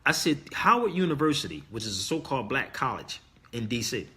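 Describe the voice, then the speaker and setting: A man's voice: mid-range voice, very animated, a little fast, bright, forceful tone. A middle-aged man hosting a livestream, talking straight to his viewers in an emphatic, insistent way and repeating his key words like a sermon. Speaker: livestream host. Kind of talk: casual preaching monologue to viewers.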